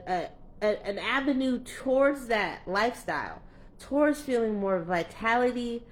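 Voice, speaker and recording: A young adult woman coach speaking candidly in a vlog, earnest and heartfelt, rambling with many fillers and restarts. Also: on the high side. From California. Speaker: play and movement coach.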